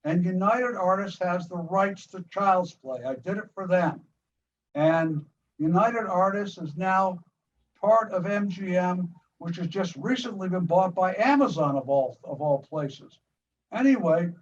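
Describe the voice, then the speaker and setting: Older man with a fairly high voice. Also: recorded from a distance, muffled recording. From United States. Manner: retells scenes vividly, with many quick restarts and repeated words. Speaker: filmmaker being interviewed. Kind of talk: animated storytelling of a film scene.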